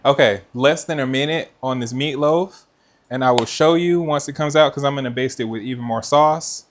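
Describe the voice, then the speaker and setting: A man's voice: mid-range voice, normal speed. Chatty man hosting a live cooking stream. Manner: chatty, talks straight to viewers and reads out their comments. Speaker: cooking livestream host. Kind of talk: casual live chat while cooking. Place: kitchen. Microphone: mic with noise cancellation.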